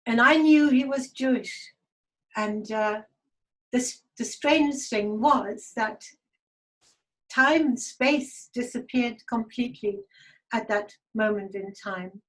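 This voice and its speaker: A woman giving a halting, reflective personal spiritual testimony, audibly emotional. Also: a little high, poor audio. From Germany. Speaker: guest speaker.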